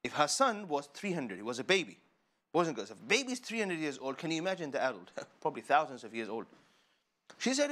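A man teaching children about the Qur'an, playful and animated, asking questions and laughing often. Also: fairly high pitch, fast. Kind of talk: lively lesson for children. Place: studio.

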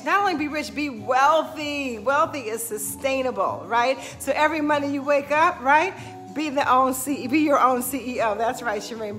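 A woman's voice: high voice, a bit bright. A woman fitness instructor giving an upbeat, emphatic motivational talk on a live stream. She greets viewers by name, repeats her key phrases and keeps asking "right?".

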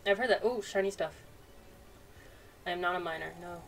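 A woman's voice: lowish voice, moderate pace, creaky. Playful woman chatting through a game. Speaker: gaming channel host. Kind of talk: let's-play commentary. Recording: distant mic, faint noise.

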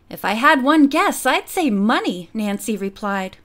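A woman reading a girls' mystery novel aloud as an audiobook narrator, gently giving each character a voice. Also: on the high side, animated, a little slow.

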